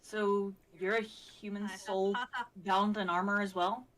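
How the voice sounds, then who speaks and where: A woman's voice: medium pitch, level tone, takes it slowly, a bit bright, low-quality recording. A woman playing a tabletop game, chatting casually with sarcastic teasing. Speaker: player.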